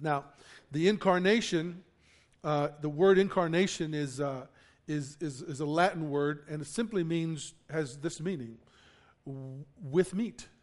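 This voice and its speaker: A pastor swings between loud, emphatic declarations and low explanations, often repeating words, restarting, and asking the congregation questions. He speaks a little slowly.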